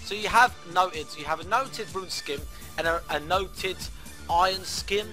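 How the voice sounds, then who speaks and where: A young man streaming a game, excitedly telling stories in a casual, swearing manner and acting out the voices of people in them. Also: high voice, unhurried, music in the background. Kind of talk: casual storytelling while playing a game.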